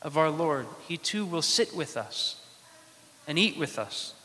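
Priest guy giving a sermon, slow and measured, bright voice, long echo from the church. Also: fairly high pitch, animated. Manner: slow, measured preaching with dramatic pauses.

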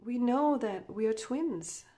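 Slow, rambling woman reading tarot. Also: fairly high pitch, expressive, mellow. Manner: rambling, full of "you know" fillers; emotive, voices what the couple feel. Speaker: tarot card reader. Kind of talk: channeled tarot love reading.

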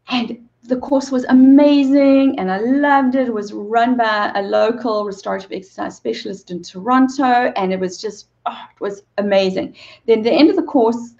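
A woman's voice: medium pitch, darkish tone, muffled recording. A woman in her forties, a movement coach and interview guest, telling an emotional personal story with earnest repeated phrases and bits of laughter.

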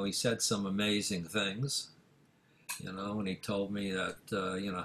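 An older man, a music manager, telling a story in an interview, full of fillers and acting out the dialogue with rising excitement. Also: on the low side. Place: office in Manhattan.

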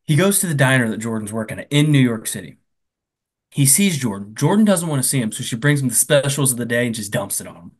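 A man casually retelling a film plot on a comedy podcast, acting out the characters' lines with quick asides. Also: mid-range voice, expressive, husky. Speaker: podcast co-host. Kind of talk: casual comedic movie recap.

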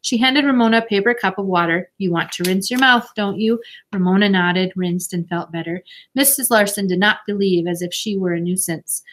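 Expressive woman reading a children's novel aloud, gentle delivery, mid-range voice. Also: mid-range voice. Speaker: audiobook narrator.

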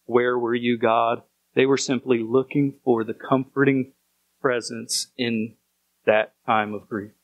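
A man's voice: mid-range voice, level tone, unhurried, no room sound, narrow, tinny audio. Earnest male pastor preaching a sermon. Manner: earnest, repeats phrases for emphasis.

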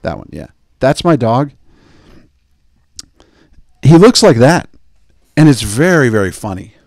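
Casting note: male podcast host, mid pitch, meandering comic storyteller, dry booth sound. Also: big pitch swings, a little slow, a little mellow, no room sound. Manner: digressive, joking, mimics people in quoted asides. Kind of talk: rambling comedic podcast chat.

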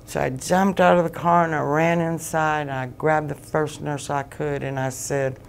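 Gravelly woman telling a painful story. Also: deep voice, flat delivery, a little hiss or hum. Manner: halting, repeats phrases, relives the moment. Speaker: guest, bereaved mother. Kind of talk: emotional personal testimony.

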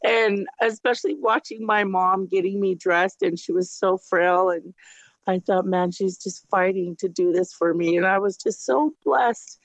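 A woman sharing her personal faith testimony, retelling conversations with lots of quoted back-and-forth and lively jumps in pitch. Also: a little slow, dry recording. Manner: retells conversations with lots of "I go, she goes" quoting; animated, jumps high in pitch when quoting surprise. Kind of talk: personal storytelling. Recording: dull, slightly lo-fi dry recording.

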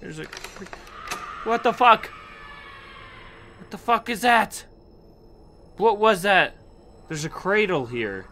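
Brief: young male horror-game streamer, bright voice, very lively pitch, slow unhurried delivery between frights, nervous and chatty. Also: a little hiss or hum. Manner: nervous, jumpy, talks to objects, screams at scares. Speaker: gaming YouTuber. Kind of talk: horror game let's play commentary.

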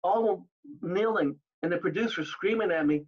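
An older man telling stories as an interview guest, animated, acting out the exchanges he recalls. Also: high-pitched, fairly quick, breathy edge, muffled recording. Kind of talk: storytelling in an interview.

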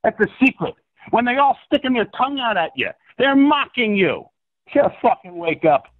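Guest, male, high and swooping voice, profane rambling rant, tinny phone line, dry. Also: sing-song, fairly quick, no echo. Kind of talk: phone-in interview.

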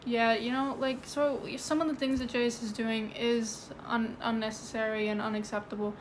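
A woman's voice: fairly high pitch, a little hiss or hum. A woman livestreaming from indoors, chatting casually and rambling, with lots of "like" and "you know". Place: indoors at home. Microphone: phone.

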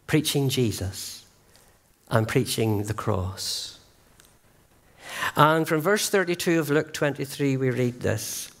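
A man preaching an evangelistic sermon in a church, earnest and emphatic, slowing down to stress key phrases. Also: medium pitch, animated, gravelly, a bit bright. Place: church sanctuary.

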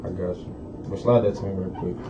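A man's voice: low-pitched, fairly even intonation, fast, dark tone. A man co-hosting a radio talk show, laid-back and slangy, steering the casual chat to the next topic. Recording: dull lo-fi radio recording, faint hiss.

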